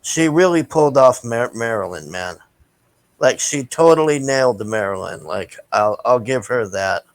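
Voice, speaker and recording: A man's voice: mid-range voice, lively intonation, normal speed, no echo, low-quality recording. A man giving a casual, rambling movie review, blunt and profane, with lots of fillers and restarts. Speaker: vlogger reviewing a film.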